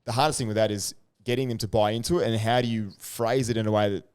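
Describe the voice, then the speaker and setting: Male coach, lowish pitch, lively anecdotal podcast delivery with frequent restarts. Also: fast, clean tone. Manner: animated storytelling with many restarts. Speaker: strength and conditioning coach. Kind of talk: casual podcast chat.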